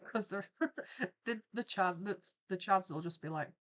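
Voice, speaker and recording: Drawing on her livestream, a young woman artist and host speaks in a mid-range voice at a measured pace. Her talk is casual, with meandering stories that keep veering into asides.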